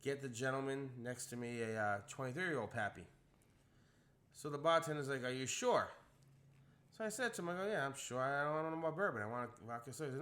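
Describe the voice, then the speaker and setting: Young male co-host, bright tone, mid pitch; animated storyteller who acts out every quote. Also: a little fast, long pauses. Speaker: podcast co-host telling a story. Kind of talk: casual storytelling chat.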